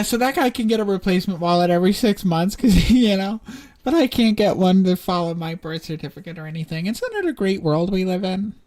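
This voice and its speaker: A woman's voice: medium pitch, darkish tone. A woman streaming a visual novel, chatting casually and rambling through side stories with many fillers. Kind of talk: casual let's-play commentary.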